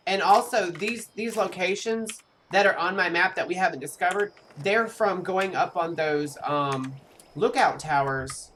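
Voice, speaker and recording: A streamer giving live gameplay commentary in a chatty way, speaking straight to viewers and reacting with animated outbursts. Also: mid-range voice, a little slow, slight background noise. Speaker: game streamer.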